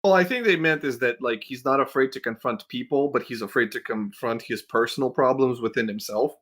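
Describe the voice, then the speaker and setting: A man's voice: medium pitch, brisk, a bit bright. A man hosting a podcast, ranting bluntly and with plenty of swearing as he critiques a video. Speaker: podcast host. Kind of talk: casual critique chat.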